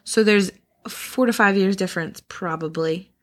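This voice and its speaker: A woman's voice: medium pitch, moderate pace, fairly bright tone. Young woman, podcast co-host, casual chat, frequent laughs, hedging. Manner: laughs often, hedges and muses.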